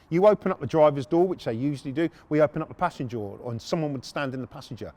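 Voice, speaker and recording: A brash man tells a story on his podcast, cursing freely. His voice sits a little high and moves a lot in pitch. He sounds animated throughout. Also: quick pace. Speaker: podcast host.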